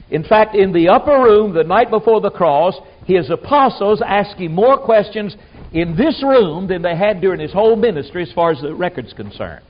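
A man preaching a sermon in a folksy, emphatic way, acting out the people he quotes. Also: high voice. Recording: dull lo-fi sound.

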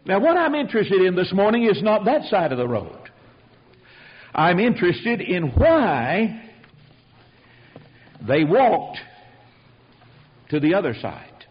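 A high-voiced male preacher delivers a sermon, telling a story with emphatic, pressing delivery. The recording sounds dull and lo-fi. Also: sing-song, slow, long pauses.

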